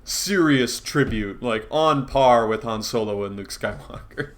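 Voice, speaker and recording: A man co-hosting a podcast, chatting casually with his friends. He laughs a lot, teases them and swears now and then. His pitch sits in the middle range for a man. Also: a little slow. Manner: laughs often, swears, teasing. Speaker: podcast co-host. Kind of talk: casual chat.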